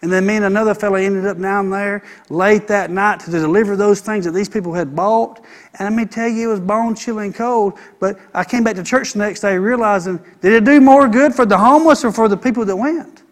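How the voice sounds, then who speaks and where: High-voiced man preaching a sermon. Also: fairly quick. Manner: emphatic preacher, repeating phrases in building runs. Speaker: pastor.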